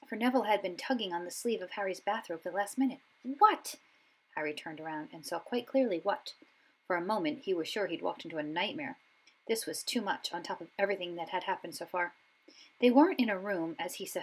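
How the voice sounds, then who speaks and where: A woman's voice: mid-range voice, low-quality recording. Woman reading a storybook aloud. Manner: expressive, voices each character. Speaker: audiobook reader.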